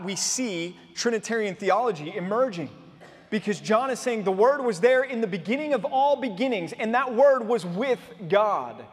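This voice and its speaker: A pastor with a notably high voice preaches to his congregation. He explains the scripture earnestly and keeps stopping to put rhetorical questions to his listeners. His voice carries through the long reverb of a church hall. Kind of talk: sermon.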